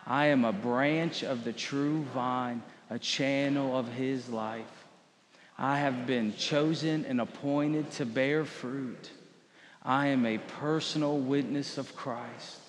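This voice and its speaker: Slow-speaking pastor in a big hall. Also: male voice, mid-range voice, fairly even intonation, slight background noise. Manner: leads congregation in call-and-response declarations. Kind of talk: sermon.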